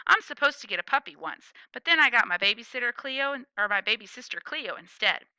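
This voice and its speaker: A woman's voice: on the high side, animated, fairly quick, bright, forceful tone, no echo. A woman voicing an eager, chatty girl of nearly nine who fires off bubbly questions.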